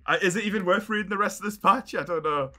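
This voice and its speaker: A man's voice: sits high, fast talker, bright, forceful tone. A young man reacting on a live stream, exasperated and swearing as he thinks aloud.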